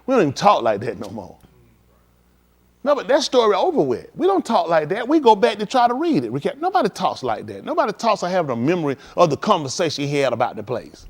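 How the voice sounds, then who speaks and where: A man's voice: high voice, huge pitch swings, quick pace, husky. A man preaching at a livestreamed scripture teaching, emphatic and slangy, firing rhetorical questions at his listeners. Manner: slangy street talk.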